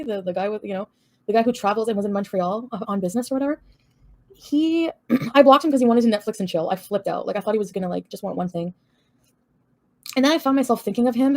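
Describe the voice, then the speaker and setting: A woman's voice: mid-range voice, darkish tone. A woman from Canada gossiping on a livestream, chatty and giggly, cursing casually as she rambles.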